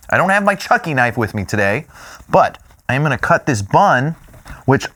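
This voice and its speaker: Excitable man tasting food. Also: medium pitch. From Louisiana, US. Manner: playful, excitable, lots of hums of delight. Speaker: food show host.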